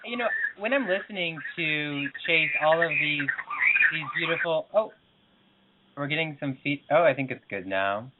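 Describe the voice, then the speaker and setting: A man's voice: fairly high pitch, lively intonation, normal speed, heavy background noise. A man co-hosting a spiritual talk show, who speaks in an earnest, gushing way and asks his guests questions. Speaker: co-host, interviewer. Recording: tinny phone line.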